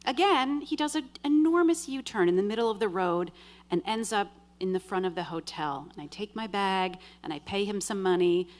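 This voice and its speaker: A woman's voice: mid-range voice, normal speed. Woman telling a wry true story. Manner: wry, dry humor; vivid, animated retelling with quoted dialogue. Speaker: storyteller at a live show. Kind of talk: live first-person storytelling.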